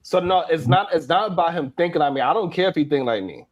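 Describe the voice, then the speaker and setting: A high-voiced man argues his side in a heated panel debate, insistent and prone to repeating his words. He keeps pressing the same point. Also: animated, quick pace, muffled recording.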